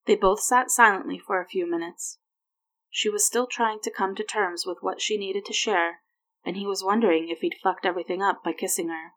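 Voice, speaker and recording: A woman reads a romance story aloud, steady and plain, at an ordinary middle pitch. It sounds like a home reading of fan fiction. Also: brisk, rough recording. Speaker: reader.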